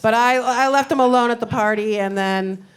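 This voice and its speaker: A woman in her forties doing a stand-up comedy set, with a deadpan, weary drawl full of sighs and trailing asides. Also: on the high side, moderate pace, clean tone. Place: comedy club stage. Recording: noisy background.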